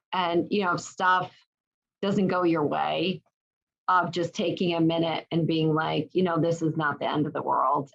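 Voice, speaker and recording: A middle-aged woman, a guest, telling a personal story in a lively, animated way with many restarts. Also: lowish voice, vocal fry. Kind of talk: casual storytelling in an interview. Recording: dull lo-fi sound.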